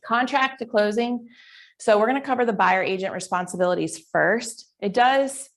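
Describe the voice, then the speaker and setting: A woman's voice: medium pitch, normal speed, a bit bright. A middle-aged woman teaching a live class in a chatty, informal way that rambles off track. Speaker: real estate instructor. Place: classroom with online attendees.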